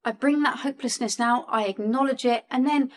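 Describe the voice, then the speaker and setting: A woman in her forties with a slightly raised pitch, talking straight to viewers about feelings. She is earnest and emotional, circling back over her words as she goes. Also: fairly quick. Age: 40s. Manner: earnest, emotional, repeats and restarts phrases. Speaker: guest on a spiritual channel. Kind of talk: heartfelt spiritual talk to viewers.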